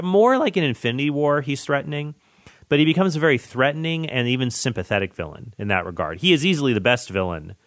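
A man hosting a podcast, chatting about movies in an enthusiastic, rambling way with excited tangents. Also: mid-range voice, no room sound, studio quality. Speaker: podcast host. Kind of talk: casual movie chat.

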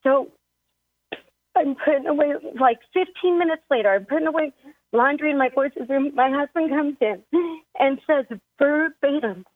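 A tearful woman caller, heard over a thin, tinny phone line, with a high voice. She talks in a halting, emotional way and chokes up as she shares her story. The sound is dry and close. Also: no room sound. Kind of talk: call-in radio conversation.

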